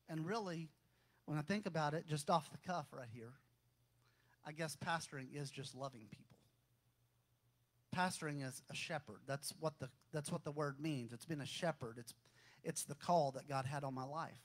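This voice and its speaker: Folksy pastor preaching a testimony. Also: male voice, on the high side, normal speed. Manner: folksy testimony, builds to fervent raised exhortation. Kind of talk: sermon.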